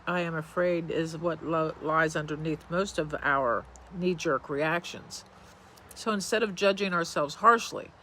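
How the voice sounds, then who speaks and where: A man giving a reflective self-help talk in a calm, gentle, measured way, pausing to think between phrases. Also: high-pitched, a little hiss or hum, poor audio.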